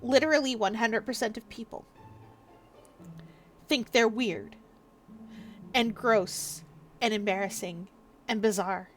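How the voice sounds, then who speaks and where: A woman livestreamer chatting casually and rambling through advice, acting out what people say in quick little voices. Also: mid-range voice, fairly bright tone, a little hiss or hum. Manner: rambling, gives advice, acts out quoted speech.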